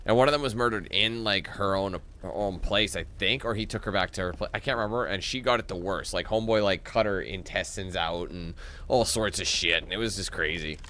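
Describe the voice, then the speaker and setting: A Canadian gaming commentator talks through his gameplay in a low, brisk, pushed and bright voice. He's chatty and loose and swears casually as he plays. There's a little hiss or hum in the audio.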